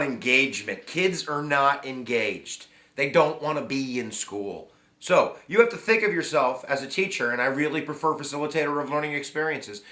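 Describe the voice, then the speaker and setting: A middle-aged man hosting a casual video lesson, chatty and energetic with plenty of fillers and asides. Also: on the high side. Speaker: history teacher and video host. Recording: echoey room.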